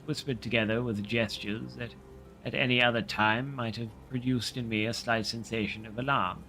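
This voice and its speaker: A man reading a classic novel aloud on a livestream in a steady, measured way. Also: mid-range voice, faint music behind, low-quality recording.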